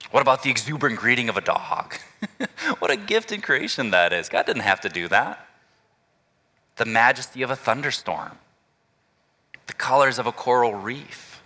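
A male pastor preaching a relaxed, conversational sermon and inviting the congregation to call out answers. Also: on the low side, normal speed, pauses often, long reverb tail. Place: church sanctuary.

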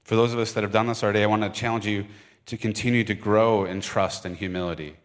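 Man pastor with a Michigan accent, low-pitched, informal and earnest from the pulpit. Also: fairly even intonation, quick pace. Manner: conversational, earnest, with fillers and restarts. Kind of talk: sermon. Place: church service. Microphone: microphone.

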